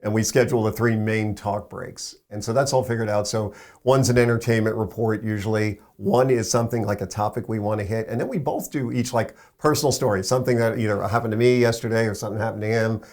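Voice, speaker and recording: A man, a radio program director and morning show co-host, tells an animated story and acts out the quoted voices. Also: on the low side, quick pace, hardly any pauses.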